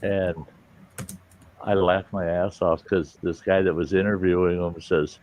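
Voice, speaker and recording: A man's voice: sits low, little pitch movement, measured pace. A man hosting a casual livestream chat, telling rambling, salty stories and acting out quotes. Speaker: host. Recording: dull lo-fi stream audio with faint hiss.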